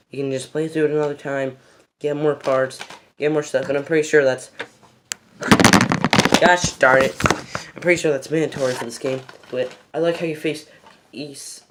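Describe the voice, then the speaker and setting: A gaming video host giving casual game recommendations, rambling and excitable, often losing the thread mid-sentence and restarting. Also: medium pitch, a little hiss or hum. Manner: rambling and excitable, repeats "freaking epic".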